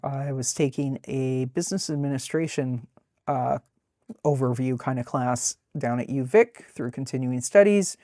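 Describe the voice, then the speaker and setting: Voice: mid-range voice, normal speed, dark tone, dry recording, studio quality. A webcomic artist casually narrating a sketchbook tour, talking in a rambling, chatty way with many fillers.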